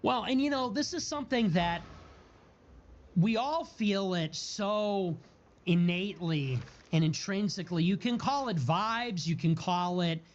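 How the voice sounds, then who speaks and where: A man's voice: high voice, unhurried. A man giving a heated political monologue, repeating and stacking words in a building rhythm, with profane outbursts. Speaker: political streamer. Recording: dull lo-fi audio.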